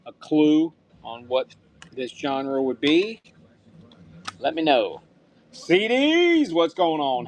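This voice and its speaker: A man's voice: fairly high pitch, a little hiss or hum. A man hosting a live-stream auction, upbeat and thanking buyers by name, sometimes muttering to himself as he handles items.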